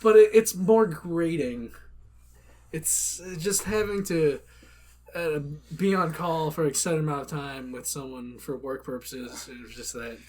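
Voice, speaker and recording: A man's voice: fairly high pitch, a little slow, a little mellow. A man co-hosting a casual gaming podcast, joking crudely and rambling through his points. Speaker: podcast co-host. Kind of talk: casual chat.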